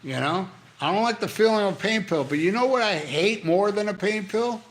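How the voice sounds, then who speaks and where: A man's voice: sits high, a little fast. An older man hosting a casual livestream, reading comments and ranting bluntly with lots of swearing while on pain medication. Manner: blunt, profane, animated ranting. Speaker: livestream host.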